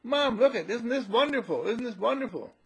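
A man voicing an eager little boy who pleads excitedly for his mother's attention. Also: very high voice, brisk, breathy edge, voice pushed up, heavily acted.

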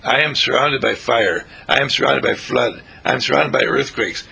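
A man's voice: mid-range voice, normal speed, vocal fry, hardly any pauses, sharp tone, husky. A man hosting a spiritual radio segment, giving a rambling, repetitive inspirational talk in a theatrical way. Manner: repetitive, theatrical, breaks into song snatches.

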